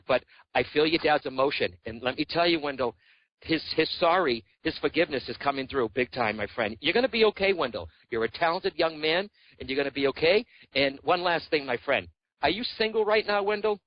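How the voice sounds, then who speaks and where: A man's voice: fairly high pitch, animated, a little fast, dry recording, muffled recording. A man giving a psychic reading on a radio show, talking in an earnest, reassuring way and often calling the caller by name. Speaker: psychic medium guest.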